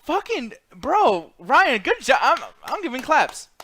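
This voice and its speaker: A man co-hosting a casual chat show, loud and swearing, often breaking into laughter. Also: very high voice, sing-song, a little slow, over loud music. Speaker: co-host.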